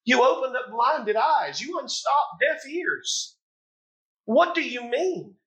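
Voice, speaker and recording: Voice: high-pitched, big pitch swings, slow pace, fairly bright tone, low-quality recording. A preacher delivering a sermon in a dramatic, impassioned storytelling manner.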